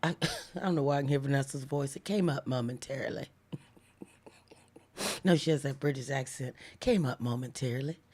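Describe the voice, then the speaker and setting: A woman hosting a live devotional stream, talking casually with viewers and slowing down to stress key lines. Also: a bass voice, darkish tone, slightly rough. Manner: chatty, reads viewer comments aloud, slows down for emphatic lines. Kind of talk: casual livestream devotional preaching.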